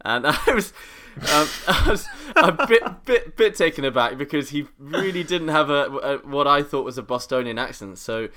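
A man's voice: a little high, expressive, moderate pace, hardly any pauses, sharp tone. A man co-hosting a casual chat show, playful and teasing, laughing often as he tells an anecdote. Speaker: podcast co-host.

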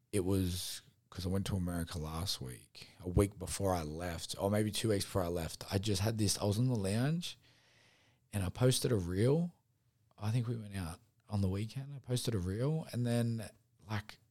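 Deep-voiced man, rambling and candid. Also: a little mellow, dry recording, clean studio sound. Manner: rambling, heavy fillers and swearing, candid. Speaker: podcast host and gym owner. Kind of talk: casual solo podcast reflection.

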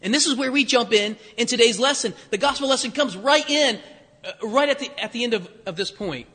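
A man's voice: very high voice, fairly quick, sharp tone, breathy edge, long reverb tail. A man preaching a conversational sermon, full of rhetorical questions and acted-out quotes. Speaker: pastor.

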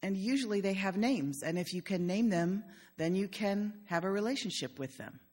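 A woman's voice: mid-range voice, animated, normal speed. An older woman pastor giving a conversational sermon in a church, telling stories with humor. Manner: warm storytelling with humor.

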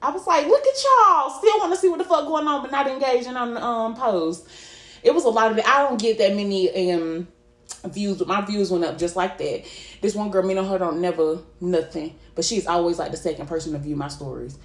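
A woman co-hosting a podcast in casual chat, telling animated, profane stories and laughing often. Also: medium pitch, brisk, reverberant. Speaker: podcast co-host.

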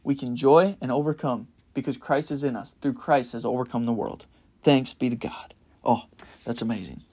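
An earnest young man preaches in a casual, conversational way, talking through a passage for his podcast. His voice sits at an ordinary middle pitch and swells with enthusiasm at the high points. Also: moderate pace, slightly rough. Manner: earnest and enthusiastic, rising to loud bursts of excitement. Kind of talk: casual Bible-study sermon.

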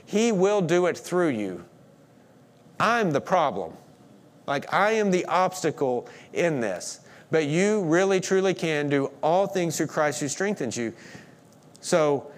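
A pastor preaching a sermon in a conversational way, with playful asides. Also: male voice, a little high.

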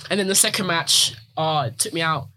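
Fast-talking young woman. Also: low-pitched, a crowd in the background. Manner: fast and chatty, lots of fillers. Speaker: wrestler guest. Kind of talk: casual podcast chat.

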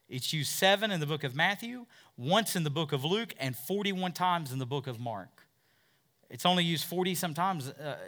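A man preaching a sermon as pastor, moving from hushed, low passages to loud, emphatic ones and voicing doubters in quotes. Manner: acts out doubters' voices in quotes.

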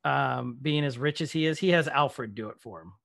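A man co-hosting a podcast in casual chat, animated and playful, laughing often. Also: mid-range voice, normal speed, creaky. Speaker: podcast co-host.

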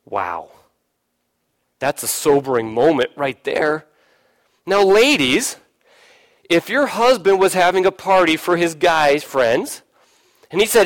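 A man preaching a sermon, putting questions to his listeners and briefly acting out voices from the story. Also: moderate pace. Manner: lively preaching, asks the listeners questions, acts out voices, drops low for emphasis. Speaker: pastor.

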